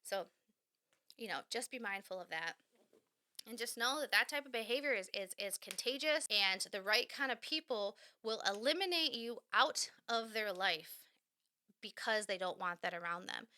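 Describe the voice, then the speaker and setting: A woman's voice: medium pitch, lively intonation, moderate pace, pushed and bright. A woman hosting a podcast, talking frankly and animatedly on her own, acting out little quoted voices and swearing casually. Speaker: podcast host. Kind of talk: candid solo podcast talk.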